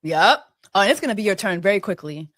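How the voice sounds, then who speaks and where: A woman co-host telling stories in a sassy, expressive way during a casual chat. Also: medium pitch, fast talker, no echo, clean studio sound.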